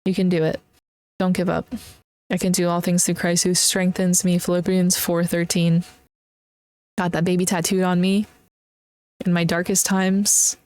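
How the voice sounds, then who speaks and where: A woman's voice: lowish voice, flat delivery, moderate pace, pauses often, a little mellow, no echo. Earnest young woman podcast host. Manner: earnest, emotional, encouraging. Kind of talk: casual solo podcast talk.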